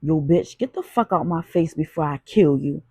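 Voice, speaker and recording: A woman's voice: deep voice, normal speed, mellow, husky, no echo, studio quality. A woman reading an audiobook, voicing a hard young male street dealer who talks in blunt, cursing slang. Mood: furious.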